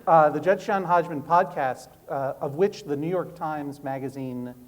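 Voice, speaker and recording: Guy rambling on stage, kinda high voice, faint hiss behind. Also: normal speed. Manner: rambling, self-mocking, many restarts. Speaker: author guest. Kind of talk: live stage conversation. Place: stage before a live audience.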